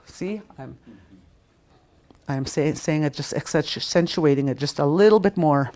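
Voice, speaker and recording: Her voice is deep and darkish as this middle-aged teacher records a language lesson. Step by step, she explains things and says words slowly and repeatedly, with patience.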